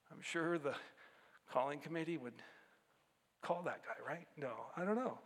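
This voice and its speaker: A man's voice: a little high, moderate pace, long pauses, long reverb tail. A man pastor giving a conversational sermon, breaking into sudden emphatic bursts.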